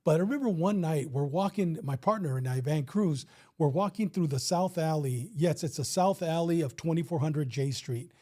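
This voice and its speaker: A middle-aged man tells a story in a relaxed guest chat with a somewhat high voice and a mellow, warm tone. He talks animatedly, acts out the lines of the people in it, and swears without a second thought. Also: normal speed. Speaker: retired police officer, guest. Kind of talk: casual storytelling.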